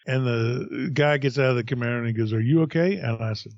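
A middle-aged man, a podcast co-host, telling a profane, animated story in casual chat. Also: medium pitch, no echo, lo-fi sound.

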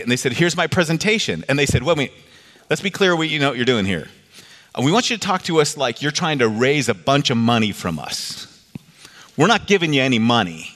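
Man preaching in a reverberant hall. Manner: animated, rises in pitch for quoted voices. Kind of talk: sermon with storytelling. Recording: long reverb of a large hall.

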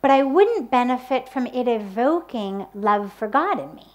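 A woman giving a spiritual talk on the power of sound, speaking deliberately and using everyday examples. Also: a little high, expressive. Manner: slow, deliberate, with spoken examples. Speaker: spiritual teacher. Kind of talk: spoken talk on mantras.

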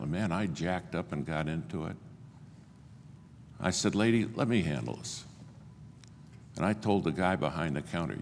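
An older man preaching a sermon, telling stories and acting out the dialogue with big swings in pitch and loudness. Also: slight background noise. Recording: long hall reverb, faint ambience.

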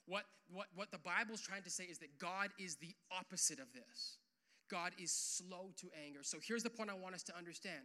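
A young adult man preaching a sermon in a casual, animated way, full of "like" and "uh", swelling louder on key points. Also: sits high, a little fast. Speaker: pastor.

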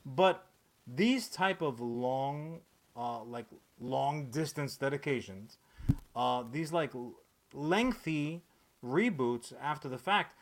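A man's voice: mid-range voice, expressive, slow. A man hosting a podcast in casual chat, ranting with lots of swearing and filler words. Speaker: podcast host.

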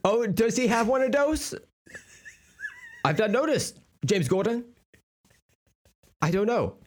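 A breezy billionaire playboy, as a man puts him on, dodging every question with forced cheer. The voice sits well above a normal speaking pitch and swoops around animatedly. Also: very animated, takes it slowly, full character voice. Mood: evasive.

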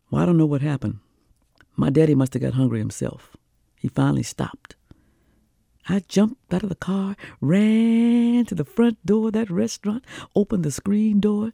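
An older woman storyteller telling a childhood story in an animated, rhythmic way, with lots of repetition. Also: fairly low pitch, moderate pace, vocal fry, dry recording, clean studio sound. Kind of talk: oral storytelling performance.

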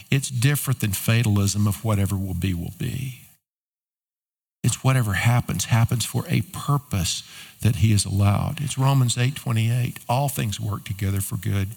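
A man's voice: medium pitch, darkish tone. Man preaching a conversational sermon. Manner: conversational preaching with rising emphatic questions. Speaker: pastor.

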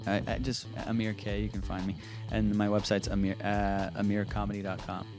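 A man's voice: fairly low pitch, completely flat delivery, brisk, over music. A man, a comedian guest on a podcast, telling stories in a casual, profane, filler-heavy way.

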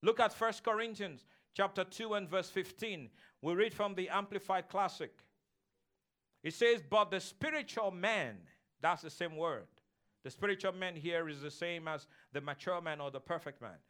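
A man's voice: high voice, normal speed, a bit bright. A man pastor preaching a sermon in a church sanctuary, emphatic and repetitive, calling on the congregation to repeat after him.

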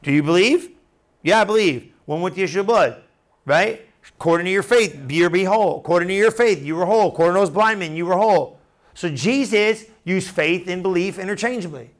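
A man's voice: sits high, a little fast. A man preaching a casual Bible teaching, talking straight to his listeners and acting out scenes in everyday slang. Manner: animated, conversational, acts out Bible scenes in slang.

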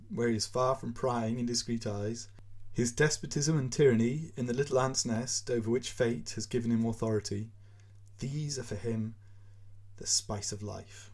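A man reading a short story aloud for his podcast, expressive and measured. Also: mid-range voice. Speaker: podcast reader.

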